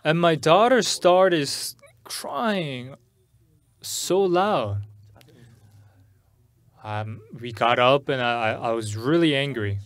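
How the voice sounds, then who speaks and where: A middle-aged pastor with an expressive, medium-pitched voice preaches in English at a church service, haltingly sharing a personal story and often repeating or restarting words. There's no echo.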